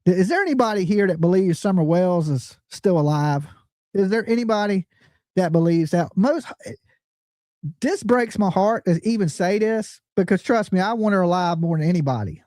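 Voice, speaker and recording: A woman's voice: on the low side, lively intonation, moderate pace, mellow, no echo, studio quality. Blunt woman true crime host. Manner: blunt and emphatic, swears, fires rhetorical questions at viewers.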